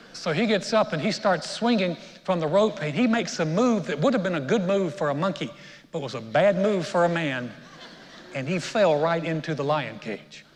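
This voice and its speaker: Guy pastor preaching a sermon, kinda high voice, big church echo, storytelling then punchy. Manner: storytelling preacher, builds to emphatic peaks. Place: church sanctuary. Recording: long reverb of a church hall.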